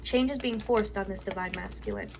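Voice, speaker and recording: A woman's voice: mid-range voice, huge pitch swings, a little fast, vocal fry, darkish tone, a little hiss or hum. A woman giving a spiritual love reading at home, channeling aloud in a rambling way, often repeating herself and searching for words. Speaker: tarot card reader.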